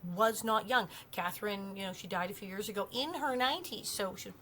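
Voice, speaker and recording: Bright-voiced woman telling stories. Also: medium pitch, a little fast, a little hiss or hum. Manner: animated storyteller, acts out loud quotes. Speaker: podcast co-host, former cast member. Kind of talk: casual chat.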